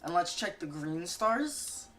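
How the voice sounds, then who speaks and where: Excitable, swearing woman gaming creator. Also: on the low side, slow, slight background noise. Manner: excitable, swears a lot, jokey. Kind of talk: casual gaming commentary.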